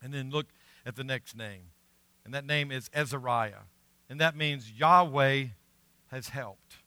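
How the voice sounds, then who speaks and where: A middle-aged man preaching a sermon as pastor, earnest and emphatic, swinging between loud stressed words and quiet asides. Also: mid-range voice, unhurried, dry recording. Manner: earnest, emphatic preaching with rising and falling volume.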